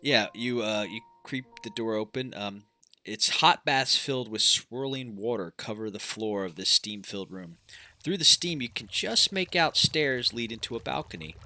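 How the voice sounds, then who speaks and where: Bright-voiced man running a tabletop game. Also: mid-range voice, expressive, moderate pace. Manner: laid-back, laughs easily. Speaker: game master.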